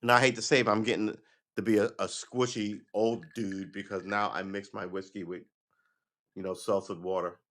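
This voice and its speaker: A man's voice: on the low side, flat delivery, normal speed, fairly bright tone. Rambling man chatting on a livestream. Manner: loose, rambling, swears, laughs often. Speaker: livestream host. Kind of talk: casual rambling chat to viewers.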